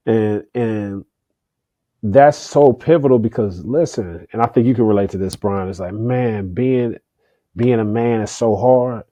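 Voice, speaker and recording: A man's voice: on the low side, steady tone, moderate pace, warm tone, dry recording. A middle-aged man speaking candidly as a podcast guest, earnest, often repeating words as he starts a thought. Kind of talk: candid conversational interview.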